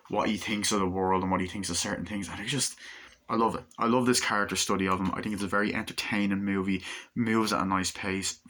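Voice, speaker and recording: Young male reviewer, casual, enthusiastic and profane, crisp forward tone. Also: low-pitched, a bit bright. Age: 20s. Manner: rambling, enthusiastic, swears freely, many fillers. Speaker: movie reviewer.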